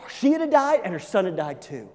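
A man's voice: high-pitched, very animated, moderate pace, warm tone, big-room sound. A male pastor preaching an emphatic sermon, urging his listeners again and again to listen.

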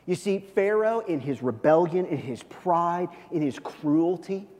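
Man, pastor, sermon, animated storytelling, loud to hushed swings, fairly high voice, long hall reverb. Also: unhurried.

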